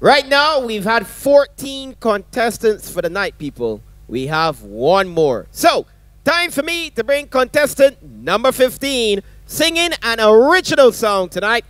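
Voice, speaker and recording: A man hosts a talent show, introducing the last contestant in a very high, lively voice. He speaks slowly and clearly into a dry, close mic. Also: dry recording. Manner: announcing, hyping the crowd. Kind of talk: stage hosting.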